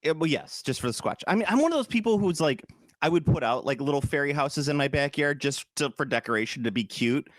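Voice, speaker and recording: Male podcast co-host, animated, jokey, dry close mic. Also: a little high, quick pace, no room sound. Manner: animated, joking, tries accents. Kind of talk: casual chat.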